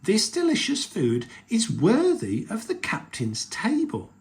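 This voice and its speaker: A man's voice: high voice, wildly swooping pitch, measured pace, creaky, darkish tone, pitched above the performer's own voice, full character voice. A man voicing a kindly old grandmother pig in a storybook, fond and gushing.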